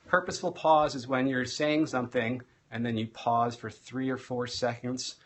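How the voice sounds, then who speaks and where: An energetic man teaches over a live stream at a mid-range pitch. He shifts between loud and soft and speeds up and slows down to stress his points. He sounds like a practiced classroom speaker. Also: a little hiss or hum. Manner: energetic, varies loudness and pace for emphasis.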